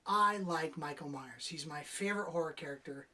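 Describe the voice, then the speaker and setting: A woman's voice: sits low, normal speed, distant mic, background noise. A woman giving a casual, sarcastic movie review, swearing freely and mocking the characters. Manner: sarcastic, profane, acts out characters' lines. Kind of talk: casual spoken film review.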